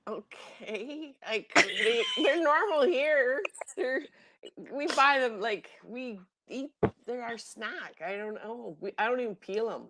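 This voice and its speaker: A woman's voice: a little high, takes it slowly. A woman in casual chat, reacting and laughing along as she listens. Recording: noisy recording.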